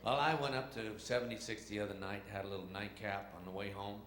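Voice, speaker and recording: New comedian spinning yarns on stage. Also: male voice, on the low side, fairly even intonation, fast talker. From New York. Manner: chatty, acts out voices and engine noises. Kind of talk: stand-up storytelling. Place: theater stage. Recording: echoey theater with audience noise.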